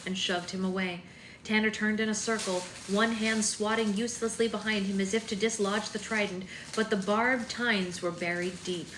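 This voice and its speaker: A woman's voice: mid-range voice, a bit bright. A woman hosting a live book club, reading a novel aloud steadily with chatty asides. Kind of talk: live-stream read-aloud. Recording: echoey room with faint noise.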